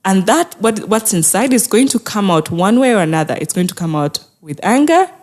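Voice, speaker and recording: A woman's voice: mid-range voice, big pitch swings, brisk, a little mellow. Earnest woman therapist giving advice. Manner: earnest and encouraging, acts out inner voices, laughs often. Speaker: mental health therapist, guest. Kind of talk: conversational interview.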